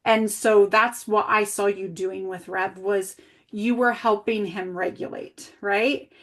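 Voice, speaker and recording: A woman who works as an early childhood coach reflects back and asks gentle guiding questions in a coaching conversation. Her voice is medium in pitch with fairly even intonation, and she takes it slowly.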